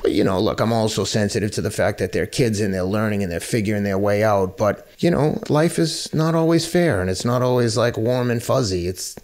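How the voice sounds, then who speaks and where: A man's voice: on the low side, a little fast, few pauses, a little mellow. Blunt, candid middle-aged man. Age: 50s. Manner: candid, blunt, swears freely. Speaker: podcast guest. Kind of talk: casual interview talk.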